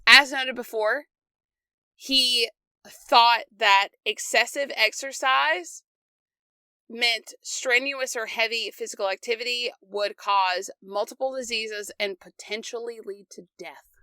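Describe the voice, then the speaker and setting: A young woman co-hosts a casual history podcast, reading her notes aloud and tossing in quick asides. Her voice is bright and a little high, and it is recorded close and dry with no room sound. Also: fairly even intonation, clear, resonant tone, dry recording. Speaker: podcast co-host.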